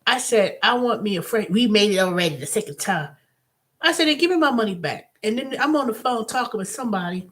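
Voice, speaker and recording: A woman hosting her own channel, telling a story in a casual, animated monologue with blunt, profane language. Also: medium pitch, brisk. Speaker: host.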